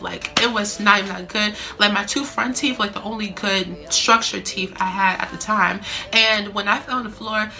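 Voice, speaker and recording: Young woman, chatty storytelling, filler-heavy, bright voice, soft music behind. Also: mid-range voice. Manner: chatty, animated, many fillers. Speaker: vlogger. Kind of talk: casual storytime.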